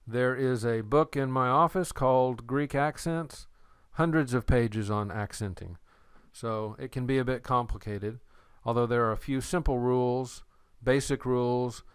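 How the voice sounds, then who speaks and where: Slow, clear-voiced man teaching. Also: medium pitch, no echo, studio quality. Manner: slow, patient explaining with playful memory tricks. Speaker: Greek teacher. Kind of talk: recorded lecture.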